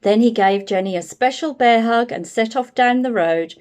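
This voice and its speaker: A woman with a New Zealand accent reading a children's picture book aloud in an expressive read-aloud manner. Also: a little high, moderate pace. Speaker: storyteller.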